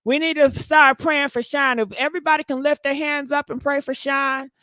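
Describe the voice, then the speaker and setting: A woman's voice: high-pitched, fairly even intonation, normal speed, pushed and bright, no echo. A woman hosting a live gossip stream who exclaims a lot and talks straight to her viewers. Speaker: gossip channel host.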